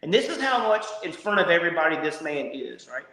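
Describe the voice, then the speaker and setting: A middle-aged man, a former college pitcher telling lively stories as a podcast guest and acting out quotes. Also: quick pace. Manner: animated storyteller, acts out quotes. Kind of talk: casual storytelling. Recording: echoey room.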